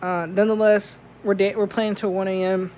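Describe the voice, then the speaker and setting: A man's voice: high voice, flat delivery, moderate pace, darkish tone, a little hiss or hum. A man who works as a DJ tells a story in slangy, casual talk, saying "like" a lot.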